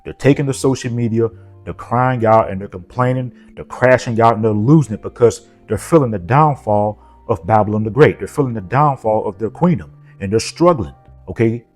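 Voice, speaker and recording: A man's voice: lowish voice, fairly quick, faint music behind. A man gives an informal sermon and reads scripture, peppering his talk with "okay?" and "you know". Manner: repetitive, punctuated with frequent "okay?" and "you know". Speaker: preacher.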